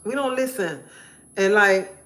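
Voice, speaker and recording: A woman's voice: medium pitch, lively intonation, measured pace, fairly bright tone. A woman live streamer giving an emphatic personal testimony, repeating phrases in a preacherly way.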